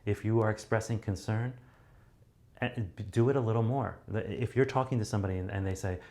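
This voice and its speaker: A man's voice: lowish voice, fairly even intonation, brisk, warm tone. A man teaching public speaking in a loose, conversational way, with many fillers and restarts. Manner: acts out sample deliveries to show each point. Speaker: communication coach.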